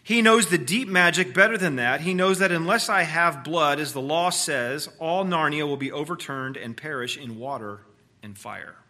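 A man voicing a cruel, shrill female witch queen, with a sharp and demanding delivery. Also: normal speed. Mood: menacing.

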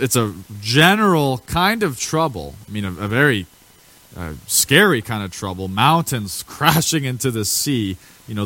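A man in the middle of a sermon, his voice sitting at an ordinary middle pitch. He talks in a loose, conversational way with fillers, then climbs into forceful proclamations when he hits a point. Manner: conversational preaching that rises to emphatic declarations. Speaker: preacher.

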